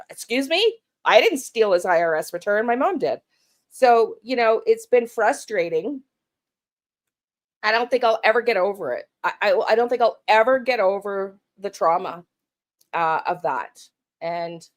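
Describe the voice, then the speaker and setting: A middle-aged woman from Canada speaks in a personal vlog monologue. She restarts often and repeats words as she goes. Her tone is frustrated and blunt, with casual swearing. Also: medium pitch. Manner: halting and emotional, frequent restarts and repeated words. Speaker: true crime channel host.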